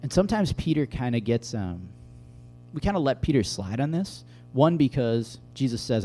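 A man preaching as a pastor, explaining scripture in a relaxed conversational way and telling everyday stories to make his point. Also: mid-range voice, normal speed, faint music behind. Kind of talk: sermon.

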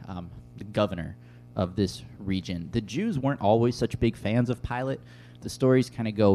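Male pastor, easygoing sermon delivery, low and dark tone. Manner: conversational, casual, with many fillers. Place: room with tables and an audience.

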